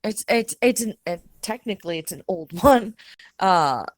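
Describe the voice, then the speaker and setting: A woman in a casual podcast chat who speaks haltingly, searching for words and laughing easily. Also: medium pitch, lively intonation, no room sound.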